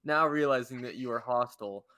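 A man narrating as dungeon master of a tabletop game over voice chat, halting and often restarting as he describes the scene. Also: mid-range voice, noisy background.

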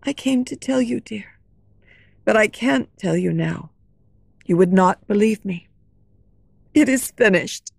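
A woman voicing a gentle, sorrowful young singer who speaks softly and pleadingly. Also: medium pitch, expressive, takes it slowly, gravelly, pauses often, breathy edge, no echo, exaggerated voice. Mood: despairing. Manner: soft, pleading.

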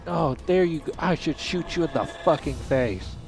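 A young man giving casual commentary while playing a video game, excitable and cursing, often shouting at the game. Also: on the high side, moderate pace, creaky, soft background music. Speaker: gamer.

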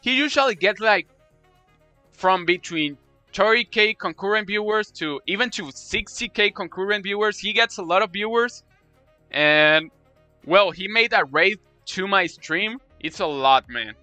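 A man chats excitedly to his live-stream viewers, repeating phrases and pouring out thanks. His voice is high and bright, heard close and dry. Faint game music plays underneath. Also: unhurried, dry recording. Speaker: Roblox streamer.

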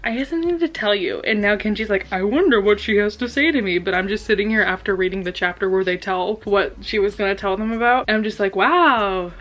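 A young woman talks through her reading in a casual vlog, excitable and theatrical. She laughs often and gushes in quick asides. Her delivery stays chatty and unpolished. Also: mid-range voice. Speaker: book vlogger.

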